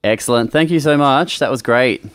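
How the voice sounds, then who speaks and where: A man's voice: mid-range voice, moderate pace, fairly bright tone, no echo. An Australian man with an Australian accent, a radio interviewer guiding a guest in friendly, casual chat. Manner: friendly, encouraging.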